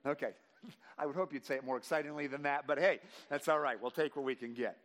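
A man preaching a sermon to his congregation, reading scripture slowly with emphasis and praying in a softer voice. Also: on the high side. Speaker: pastor. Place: church sanctuary. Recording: long reverb of a large hall.

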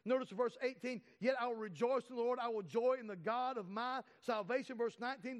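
A man's voice: very high-pitched, moderate pace. A man preaching a sermon, stressing and drawing out key words for emphasis. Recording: long reverb of a large hall.

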